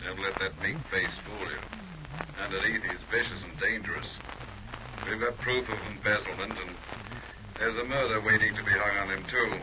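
An actor playing a blunt, businesslike police captain calling in a 1940s radio drama. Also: male voice, lowish voice, moderate pace, lightly acted. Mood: stern. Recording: muffled hissy old radio recording.

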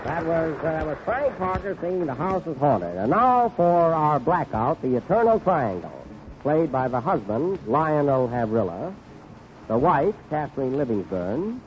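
A man hosting a 1930s radio comedy show, delivering wry, deadpan quips, on a tinny, crackly broadcast recording. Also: on the high side, unhurried.

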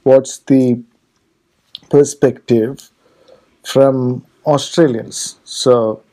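An interviewer in a conversational podcast who keeps asking questions and laughs often along the way. The delivery is slow and unhurried, in a mellow, relaxed tone. The voice sits at a middle pitch. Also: rough recording.

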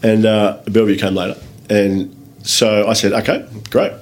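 A man with an Australian accent, a guest telling lively anecdotes in a casual interview, swearing freely and acting out other people's lines. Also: lowish voice, normal speed, slight background noise. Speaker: guest, business owner. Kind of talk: casual storytelling in a podcast interview.

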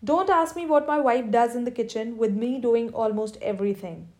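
A woman's voice: fairly high pitch, moderate pace, a little mellow. A woman narrating a humorous first-person audiobook in a wry storytelling manner.

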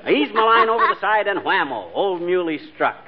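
A blustering, boastful husband. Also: male voice, high voice, big pitch swings, fairly quick, crowd noise. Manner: brash, bragging storyteller. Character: boastful, blustering husband spinning tall tales. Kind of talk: 1940s radio sitcom acting. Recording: dull lo-fi 1940s radio broadcast with faint hiss.

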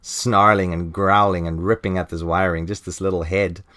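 A man with a low voice talks through a comic book in a relaxed podcast chat. He laughs now and then and jumps into high, squeaky put-on voices whenever he reads a character's lines. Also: moderate pace. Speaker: podcast host. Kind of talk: casual comic book review.

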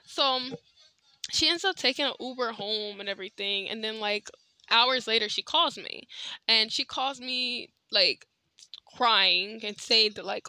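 A woman's voice: medium pitch, moderate pace, bright, forceful tone, clear, resonant tone, no echo. A young adult woman hosting a podcast, telling a personal story in a chatty, candid way with lots of filler words. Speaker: podcast host. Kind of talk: casual storytelling monologue.

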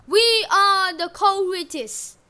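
Storybook podcast: a woman doing a huge male warrior who shouts everything slowly, high and booming. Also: full character voice. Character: Corytis warrior, huge loud male tribal guardian.

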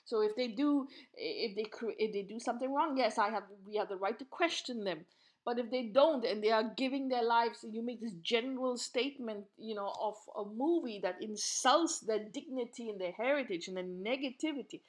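A woman's voice: a little high, normal speed. A woman hosting a podcast, delivering an impassioned, indignant opinion monologue with frequent repeats and restarts. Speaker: podcast host.

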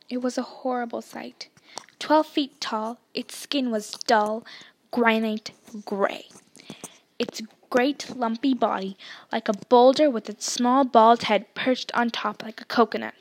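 A woman reading a novel aloud expressively, dropping to a whisper in tense passages. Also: a little high. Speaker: audiobook reader.

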